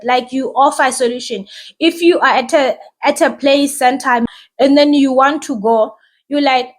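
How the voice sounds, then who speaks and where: A woman's voice: sits high, normal speed. A woman who hosts a podcast and talks as a mother, giving casual, reassuring advice and often asking "right?".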